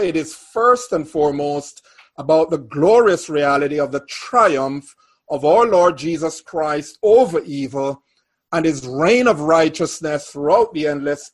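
A man preaching a sermon, reading scripture aloud and then expounding on it in a measured, deliberate way. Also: a little high. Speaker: pastor.

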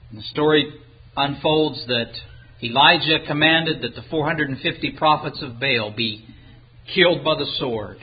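A man's voice: fairly high pitch, normal speed, slightly rough, highs cut off. A man preaching a sermon, retelling a scripture story, reading the old-fashioned verses aloud and acting out the characters' lines. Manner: animated, acts out the characters' lines; reads the King James wording aloud.

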